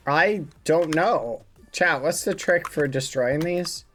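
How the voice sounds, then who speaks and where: A man's voice: on the high side, slow pace, a bit bright, faint music behind. A man streaming a building game, chatting casually and playfully with his viewers, humming as he thinks. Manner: musing, playful, hums a lot.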